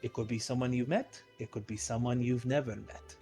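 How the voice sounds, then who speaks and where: A man voicing a calm female tiefling fortune teller who speaks softly and formally. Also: mid-range voice, a little fast, faint music behind, close to an everyday voice. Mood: soothing. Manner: soft-spoken, soothing, formal.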